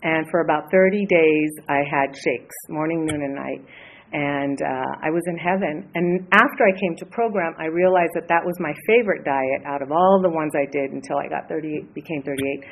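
A woman in her late fifties, from the Los Angeles area, sharing her story at a recovery meeting, hesitant and earnest with many pauses. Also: low-pitched, a little hiss or hum, rough recording. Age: 50s. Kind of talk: personal share at a support meeting.

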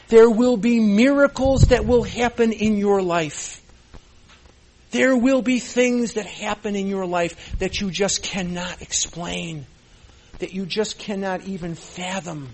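A man with a high-pitched, darkish voice makes an impassioned address to a recovery meeting. Holding back tears, he talks earnestly and emotionally, leaning on repeated phrases for emphasis.

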